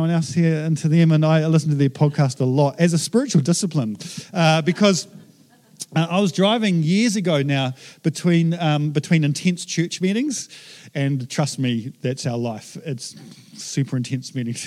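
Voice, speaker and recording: A man preaches in a loose, conversational way, often restarting his sentences and poking fun at himself. His voice sits a little high for a man. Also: darkish tone. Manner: conversational, self-deprecating, frequent fillers and restarts. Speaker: pastor. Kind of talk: sermon.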